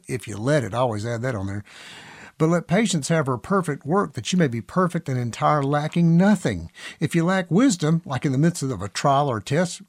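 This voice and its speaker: A man's voice: fairly high pitch, a little mellow, dry recording, clean studio sound. A man preaching a podcast sermon in an earnest, emphatic way, often stopping to read scripture aloud.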